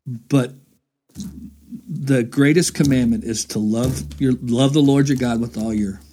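A man's voice: medium pitch, measured pace, warm tone, slightly rough. A man hosting a casual faith talk, earnest and rambling, restarting his sentences often. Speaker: host.

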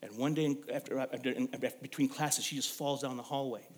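A young man preaching a sermon, telling stories and swinging from loud emphasis to hushed, quiet lines. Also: mid-range voice, steady tone, fast talker. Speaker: pastor.

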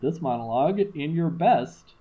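A man's voice: fairly high pitch, expressive, normal speed, phone-quality sound. A man co-hosting a podcast in wry, joking casual chat. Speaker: podcast co-host.

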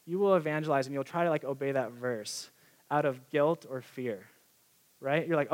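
A young man preaching a sermon in a casual, excited, conversational way, with many fillers. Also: mid-range voice, brisk.

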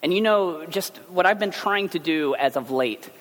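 A man preaching a sermon as pastor, telling everyday stories in a chatty, animated way. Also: fairly high pitch, normal speed. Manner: conversational storytelling, animated asides. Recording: long hall reverb.

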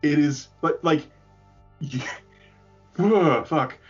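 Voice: medium pitch, very slow, husky, lo-fi sound, faint music behind. A speaker in a casual chat, rambling, swearing and laughing often.

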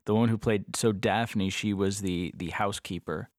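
A man co-hosting a podcast in casual chat, talking in halting bursts full of "like" and restarts. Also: fairly low pitch, fairly even intonation, no room sound, clean studio sound. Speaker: podcast co-host.

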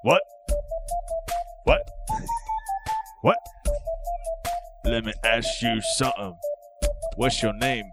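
A man's voice: mid-range voice, animated, drawn-out words, pauses often, loud music behind the voice. A man voicing a swaggering male rapper with a pet cat, rambling boastfully and throwing in meows. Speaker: podcast co-host. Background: loud hip hop beat.

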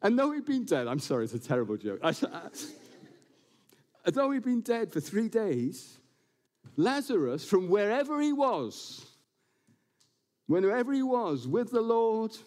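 A male pastor preaching to his church, his voice sitting a bit high and swinging widely in pitch. He stays animated throughout and breaks up the message with self-mocking jokes. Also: normal speed. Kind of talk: sermon. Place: church building, before a congregation.

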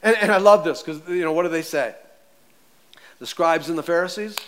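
A man preaching a sermon as pastor, animated and conversational, acting out voices as he tells the story. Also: on the high side, brisk, smooth.

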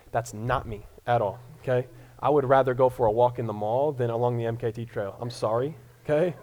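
A man's voice: medium pitch, fairly even intonation, fairly quick, a little mellow. A young man from Colorado preaching a sermon in a casual, self-deprecating way, often restarting his words. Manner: conversational, self-deprecating, frequent stammered restarts. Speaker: pastor.

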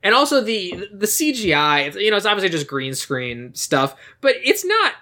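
Bright-voiced podcast co-host recapping a film. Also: mid-range voice, wildly swooping pitch. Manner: rambling, retells scenes with quick put-on voices. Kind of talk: casual movie recap chat.

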